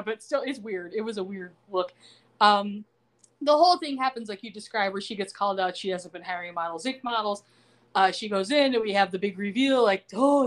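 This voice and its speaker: A woman co-hosting a podcast, casually recapping a TV episode in a loose, chatty way with lots of fillers and asides. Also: medium pitch. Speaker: podcast co-host.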